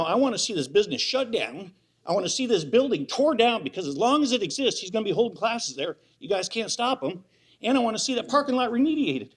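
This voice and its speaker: A man's voice: high voice, breathy edge. Worked-up man at a public hearing. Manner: worked up, insistent, repetitive. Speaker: resident giving public comment. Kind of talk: public comment at a county hearing.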